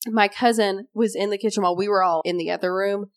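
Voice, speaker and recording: A bubbly young woman with a lilt chats as a guest, gushing and laughing easily. Her pitch sits in an ordinary middle range. She talks casually and warmly about family and food. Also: fairly even intonation, fast talker. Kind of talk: casual chat.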